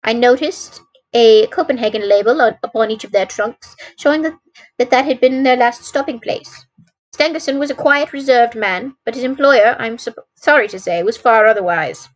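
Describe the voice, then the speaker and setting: A woman voicing an anxious middle-aged landlady who pleads in a formal way. The voice sits higher than usual and rises as she grows agitated. It comes across as an old storybook reading. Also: normal speed, natural voice, low-quality recording.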